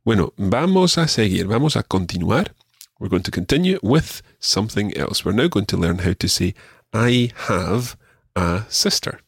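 Male language tutor, low and a touch husky, patient, repeats and praises. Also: expressive, dry recording, clean studio sound. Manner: patient, encouraging, repeats words slowly. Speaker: language teacher. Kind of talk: radio language lesson.

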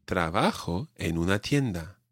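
A man teaching a podcast language lesson, drilling his learner with clear repeated phrases. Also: deep voice, expressive, normal speed, no room sound, clean studio sound.

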